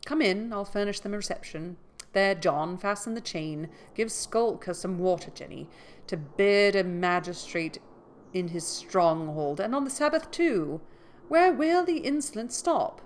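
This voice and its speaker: A woman voicing a pompous, self-righteous older gentleman who blusters indignantly while reading a story aloud. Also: lowish voice, a little slow, slight background noise, lightly acted.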